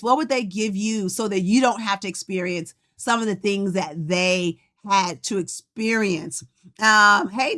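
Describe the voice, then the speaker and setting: Bright-voiced chatty woman host. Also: a little high. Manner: chatty, greets viewers by name. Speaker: podcast host and coach. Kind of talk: casual livestream talk.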